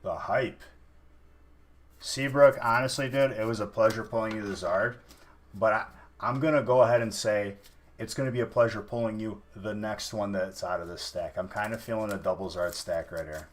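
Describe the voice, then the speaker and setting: A man's voice: lowish voice, normal speed, slight background noise. A man casually chatting on a live stream while opening card packs, teasing and thanking viewers.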